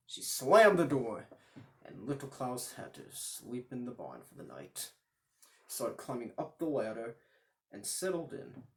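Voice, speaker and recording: A man narrating a children's fairy tale in a dramatic, animated way. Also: medium pitch, vocal fry. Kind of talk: storytelling for children.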